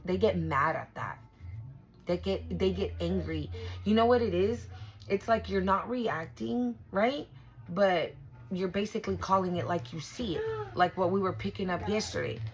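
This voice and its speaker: A woman's voice: medium pitch, normal speed, low-quality recording. A woman doing a casual tarot reading for her viewers, blunt and profane, repeating and restarting herself for emphasis. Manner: blunt and profane, swears freely; emphatic and repetitive, restarts often. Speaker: tarot reader.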